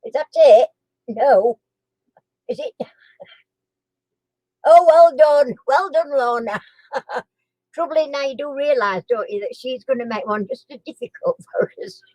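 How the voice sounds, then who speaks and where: A woman's voice: sits high, normal speed, a little mellow, no echo, low-quality recording. A chatty woman, hosting a casual live chat and quiz stream, giggling and cooing to her dog between guesses.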